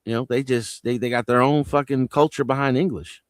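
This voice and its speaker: A man's voice: mid-range voice, fairly even intonation, a little fast, no echo. A man from New Jersey on a live panel, telling loose stories full of street slang and swearing. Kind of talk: casual live panel chat.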